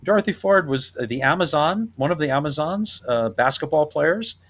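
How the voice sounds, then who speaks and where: A man's voice: a little high, animated, normal speed, fairly bright tone. A man hosting a podcast, chatting casually and laughing often as he retells scenes. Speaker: podcast host. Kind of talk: casual chat.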